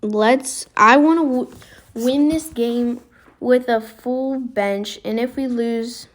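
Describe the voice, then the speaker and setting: A woman giving casual, excitable commentary while playing a basketball video game, reacting aloud as she goes. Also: a little high, takes it slowly. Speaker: gaming video creator.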